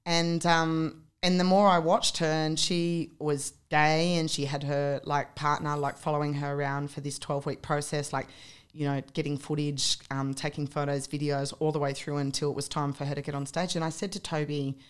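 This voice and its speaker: A woman's voice: low-pitched, little pitch movement, normal speed, clear, resonant tone. A woman, chatting as a podcast guest and telling stories with lots of "like" and "um". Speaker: podcast guest, fitness competitor. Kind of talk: casual chat.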